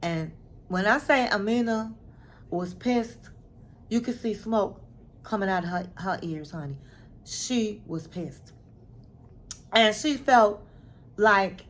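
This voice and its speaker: A woman giving a casual recap of a reality show, retelling scenes in an animated, dramatic way and calling the listener honey. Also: medium pitch, slow pace, long pauses, a little hiss or hum. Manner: chatty, says "honey" and "girl". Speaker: recap vlogger.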